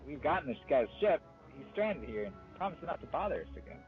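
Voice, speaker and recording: A man's voice: fairly high pitch, big pitch swings, fairly quick, narrow, tinny audio, faint music behind, pitched above the performer's own voice. A man voicing a wry young male rebel hero who talks in a casual, incredulous, brash way.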